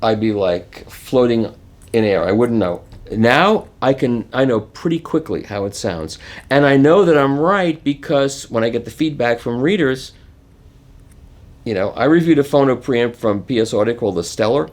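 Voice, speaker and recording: Man in his 70s, chatty storyteller, middle-pitched, acts out quotes. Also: normal speed. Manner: animated, acts out quoted voices, chuckles. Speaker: interview guest. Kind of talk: casual anecdotal storytelling.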